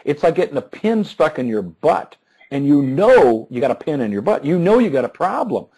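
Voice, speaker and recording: A man in his fifties, a success coach, telling an animated story in an interview, chuckling and often restarting his words. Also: on the high side, normal speed, slightly rough, poor audio.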